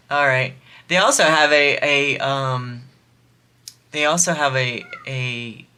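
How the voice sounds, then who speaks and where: Slow-talking woman chatting as she crafts. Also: a bass voice, sharp tone. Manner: chatty, amused, laughs often. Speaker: crafting vlogger. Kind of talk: casual chat while crafting.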